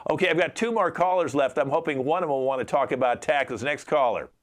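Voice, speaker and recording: A man hosting a mock radio tax call-in show in an improv comedy show, exasperated and dishing out deadpan put-downs. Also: a little high, fast talker. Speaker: improv host playing radio tax advisor. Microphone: video call.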